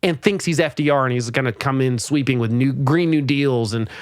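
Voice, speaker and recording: A man hosting a podcast, giving exasperated, animated political commentary with sarcastic mock quotes. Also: medium pitch, a little fast, no room sound. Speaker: podcast host.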